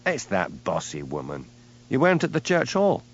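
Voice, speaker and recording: A man playing a lazy, easygoing village policeman with a Scottish Highland accent, mild and unhurried. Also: huge pitch swings, muffled recording. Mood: dry.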